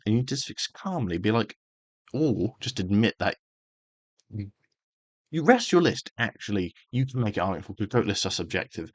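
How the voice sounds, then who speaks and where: Heated male host, low-ish voice, sweary rant, dry close mic. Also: lively intonation, normal speed, no echo. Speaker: karate channel host. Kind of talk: angry opinion rant.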